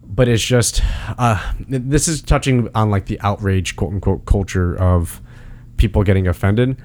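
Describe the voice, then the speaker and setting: A man's voice: normal speed, darkish tone. A man in casual podcast chat, arguing his opinions emphatically and pressing his points. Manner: argumentative, emphatic, pitch jumps when making a point.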